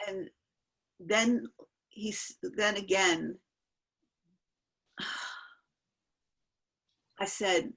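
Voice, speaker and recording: An older woman sharing memories on a video call, speaking earnestly and haltingly with many fillers. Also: medium pitch, fairly even intonation, fairly bright tone, slightly rough. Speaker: panel guest sharing memories. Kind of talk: casual storytelling on an online call.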